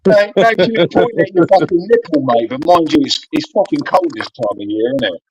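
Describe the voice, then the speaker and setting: Man, crude teasing sidekick, slightly raised pitch, distant mic with light noise. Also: animated, fairly quick, a little mellow, highs cut off. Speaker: friend in the chat. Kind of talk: casual chat.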